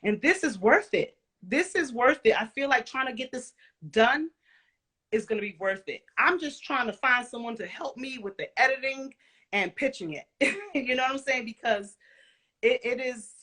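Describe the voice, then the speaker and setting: A woman with a somewhat high, bright voice tells lively stories in a casual interview. She laughs easily and talks in casual slang, with lots of energy in her delivery. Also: normal speed, breathy edge. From Caribbean and Central American family background. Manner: animated storytelling, laughs often, casual slang. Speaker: guest, former music video dancer.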